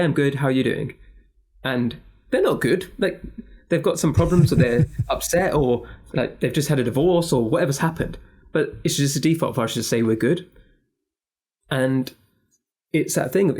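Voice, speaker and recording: Gravelly man speaking openly. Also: mid-range voice, a little mellow. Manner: open, earnest, reflective. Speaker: podcast guest, founder. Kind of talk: candid interview talk.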